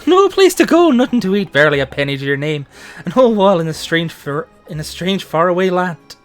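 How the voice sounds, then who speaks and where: A streamer voicing a loud, pushy, generous middle-aged Irish man in an Irish accent, with laughter breaking in between lines. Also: mid-range voice, very animated, brisk, soft background music, natural voice. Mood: boisterous. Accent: Irish, put on.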